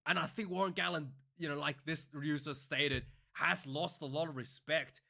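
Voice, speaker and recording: Bright-voiced man hosting casual rugby commentary. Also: fairly high pitch, steady tone, normal speed, gravelly. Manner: rambling, many fillers and restarts, gets heated and ranting. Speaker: rugby news show host.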